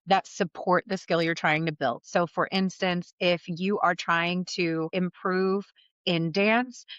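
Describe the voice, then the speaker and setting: A woman with a lowish voice, recorded dry, hosts a podcast and works as a life coach. She talks candidly and conversationally through a solo episode, blunt and unafraid to swear. The sound is dull and slightly muffled.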